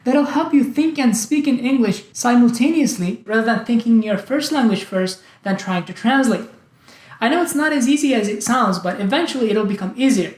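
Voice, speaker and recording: A man hosting a language tutorial, speaking in a clear, deliberate way and acting out examples of word stress. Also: very high-pitched, animated. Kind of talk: scripted tutorial narration. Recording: roomy echo.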